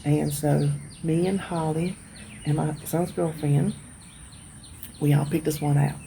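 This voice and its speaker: Tired, gravelly woman rambling. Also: low voice, steady tone, warm tone, a little hiss or hum. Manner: rambling, emotional, drawn-out pauses. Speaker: vlogger. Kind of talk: casual rambling chat to viewers.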